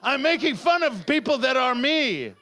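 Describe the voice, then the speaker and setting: A man's voice: extremely high pitch, very animated, normal speed, bright, forceful tone. A man doing surreal stand-up comedy and chatting about his set, absurd and sweary. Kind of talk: surreal stand-up with interview chat.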